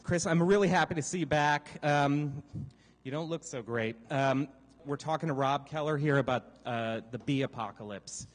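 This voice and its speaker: A man hosting a comic live show, excitable and theatrical, playing up the panic. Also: a little high, normal speed, big-room sound. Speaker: show host. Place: large hall with a live audience.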